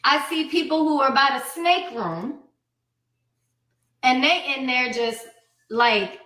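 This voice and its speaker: A woman telling a personal story in an animated way, repeating herself and quoting others. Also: sits high, slow pace, reverberant. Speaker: guest telling her story. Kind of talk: emotional storytelling clip.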